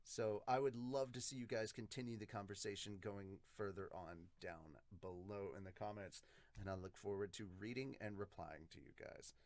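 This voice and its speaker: A man's voice: fairly low pitch, moderate pace, darkish tone, no echo. A man hosting an anime podcast, casually reading out viewer comments and chatting, swearing and laughing easily.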